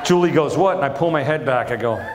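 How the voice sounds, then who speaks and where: A middle-aged male comedian tells stories on a theater stage, acting out his family's voices. His pitch leaps and dips with animated delivery. The sound is roomy and echoey, with clear audience noise behind. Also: fast, a loud crowd. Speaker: stand-up comedian. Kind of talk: stand-up comedy set.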